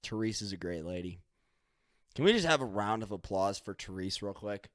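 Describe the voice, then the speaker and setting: A man's voice: lowish voice, expressive, moderate pace, very noisy. A man hosting a solo podcast, rambling loosely, swearing casually and making up stories as he goes. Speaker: podcast host.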